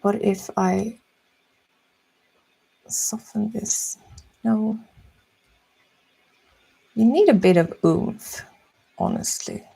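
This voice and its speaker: A young woman chatting softly and musing slowly while she draws on a live stream. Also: medium pitch, gravelly, slightly rough. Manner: soft-spoken, slow and musing. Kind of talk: casual chat while drawing.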